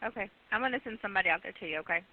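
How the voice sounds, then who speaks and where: A woman emergency dispatcher on a phone call, giving short, flat, commanding instructions. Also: mid-range voice, very fast. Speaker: 911 dispatcher. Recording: tinny phone line recording.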